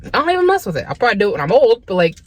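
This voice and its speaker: A young woman vlogging from a parked car into a phone, ranting in an exasperated, animated way. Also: on the high side, very fast. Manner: animated, exasperated ranting, mocking quoted voices. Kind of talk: casual ranting vlog.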